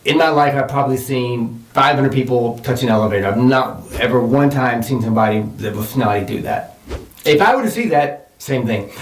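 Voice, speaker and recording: Defensive, teasing man in casual banter. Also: mid-range voice. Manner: defensive, teasing, talks over his partner. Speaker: podcast co-host. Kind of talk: casual argumentative chat. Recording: roomy sound, mic at a distance.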